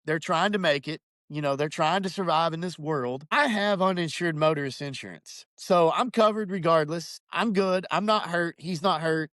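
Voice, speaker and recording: A man's voice: a little high, normal speed, few pauses, no echo, studio quality. A man telling a personal story in casual chat, acting out what others said. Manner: animated, acts out quoted voices. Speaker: podcast guest.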